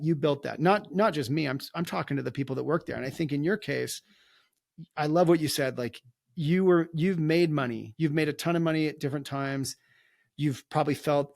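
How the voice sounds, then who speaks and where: Gravelly emphatic male podcast host. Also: on the high side, no echo, clean studio sound. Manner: emphatic and encouraging, stresses key words. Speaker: podcast host and company CEO. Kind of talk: conversational interview hosting.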